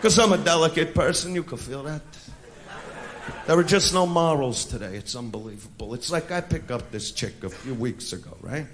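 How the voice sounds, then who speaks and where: A male stand-up comedian doing a crude, brash routine, shouting his punchlines live on stage. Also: on the high side, normal speed. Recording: echoey live venue with laughing audience and noise. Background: audience laughter.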